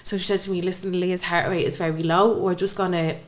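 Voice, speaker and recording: Young irish woman, rapid-fire storytelling, lower voice, keeps acting out who said what. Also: little pitch movement. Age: young adult. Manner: recounts events by acting out quoted dialogue. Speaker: podcast guest. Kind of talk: emotional personal storytelling in conversation.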